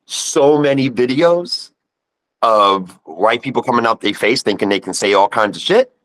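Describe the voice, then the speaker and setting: A man's voice: medium pitch, animated, moderate pace, fairly bright tone, no room sound, poor audio. A man in his fifties with a New York accent, a guest telling a personal story in casual conversation and acting out the voices he quotes. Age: 50s.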